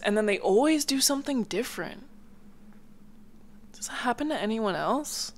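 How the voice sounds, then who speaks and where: A woman's voice: mid-range voice, normal speed. A young woman talking casually on her own podcast at home, rambling from thought to thought and full of filler words. Her voice sounds a little stuffy. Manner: chatty, rambling, lots of "like" fillers. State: a bit congested. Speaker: podcast host. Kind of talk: casual solo chat. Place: home, near a hallway.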